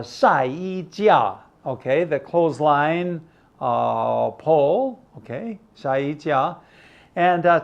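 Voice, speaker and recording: A man's voice: a little high, clear, resonant tone, highs cut off. An older man teaching an English lesson, patiently explaining words and checking understanding.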